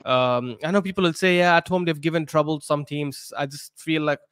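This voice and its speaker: A man who is a guest on a football stream, giving measured, hedged opinions in casual chat. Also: a little high, fairly even intonation, a bit bright, clean tone, dry recording, clean studio sound. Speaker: guest pundit.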